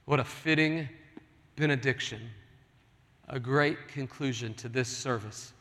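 A man's voice: mid-range voice, measured pace, a bit bright. A man preaching a sermon as pastor, earnest and pleading with his congregation in a large church. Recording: long hall reverb.

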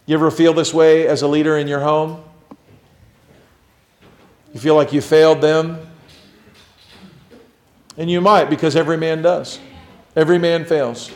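A middle-aged man preaching a sermon as pastor, swinging between loud emphatic lines and quiet, low ones. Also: little pitch movement, measured pace, pauses often.

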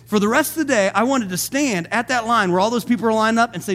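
A man's voice: high-pitched, expressive, fast talker. A man preaching a sermon to his congregation, building to emphatic calls and asking them questions. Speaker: pastor.

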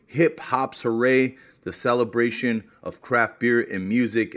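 A man hosting a podcast in an easygoing, chatty way, running through shout-outs and upcoming events. His voice sits at an ordinary middle pitch and stays casual throughout. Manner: laid-back, plugs sponsors and events. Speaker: podcast host. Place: beer hall.

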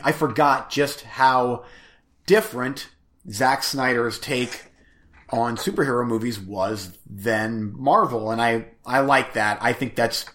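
A man's voice: mid-range voice, fairly bright tone. A married man co-hosting a casual podcast, easygoing and rambling with a self-deprecating manner. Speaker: podcast co-host. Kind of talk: casual chat.

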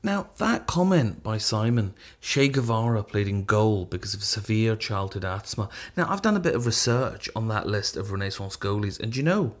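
A man presenting on radio, reading out a listener comment with a dry, wry delivery. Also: medium pitch.

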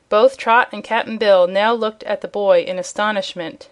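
A woman's voice: mid-range voice, steady tone, moderate pace. Woman reading a storybook aloud. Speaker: audiobook narrator. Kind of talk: scripted storybook narration.

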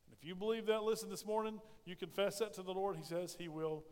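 Male pastor, high voice, sermon in a reverberant sanctuary, swings between loud emphasis and soft asides. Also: quick pace, clean tone. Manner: preaching with rising emphasis and soft drops. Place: church sanctuary.

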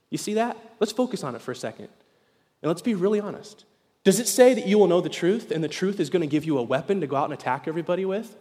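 A male pastor preaching a sermon in a church, animated and acting out the voices of the people in his stories. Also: high-pitched, fast, husky. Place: church sanctuary. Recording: hall reverb.

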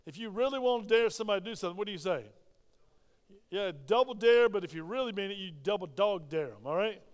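A man's voice: sits high, expressive, quick pace, long reverb tail. A man with a Southern American accent preaching a sermon in a church, emphatic and drawing call-and-response from the congregation. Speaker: pastor. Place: church sanctuary.

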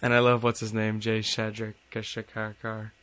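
A man's voice: on the low side, completely flat delivery, moderate pace, fairly bright tone, smooth. A young man co-hosting a podcast, bantering casually and joking with laughs. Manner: jokey, laughing, puts on mock accents. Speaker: podcast co-host.

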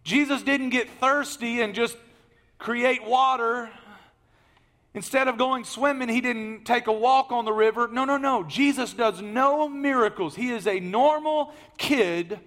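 A man preaching a sermon, telling the story in a lively way that swings from loud emphasis to hushed asides. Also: very high-pitched, measured pace.

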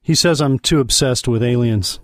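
A man telling absurd comic stories on a podcast, rambling and excitable, often laughing at his own tale. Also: mid-range voice, moderate pace, dry recording, clean studio sound. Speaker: comedy podcast regular.

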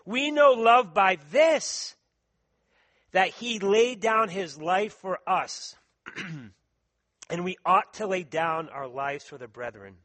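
High-voiced preacher with a throat tickle. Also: male voice, slow, pushed and bright. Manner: earnest, emphatic, stretches out key words. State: tickle in his throat, clearing it and coughing. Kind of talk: sermon with scripture reading.

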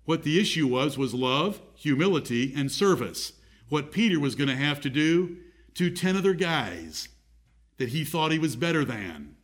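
Preacher guy, gets loud and emphatic, kinda high pitched. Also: animated, moderate pace. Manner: emphatic, rising in pitch and volume on key points. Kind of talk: sermon.

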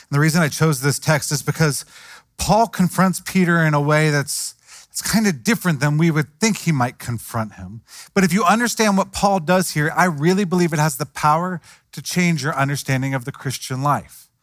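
A man's voice: a little high, brisk, a bit bright, dry recording, studio quality. A man preaching a sermon in a conversational way, acting out the voices of the people he quotes. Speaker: pastor.

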